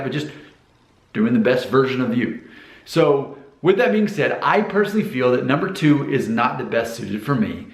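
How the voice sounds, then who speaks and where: A man's voice: mid-range voice, echoey room. An American man talking casually to camera in a rambling, self-promoting vlog about hair. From United States. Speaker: vlogger giving hair advice.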